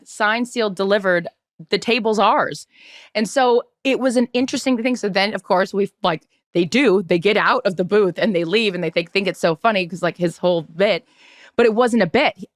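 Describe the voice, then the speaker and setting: A woman's voice: mid-range voice, fairly quick, dry recording. A woman co-hosting a podcast, chatting casually and telling stories with lots of energy. She acts out the other people in her anecdotes and swears now and then. Her voice sits in a middle range and sounds close and dry. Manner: animated storyteller, acts out quotes, swears casually. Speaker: podcast co-host. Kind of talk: casual storytelling chat.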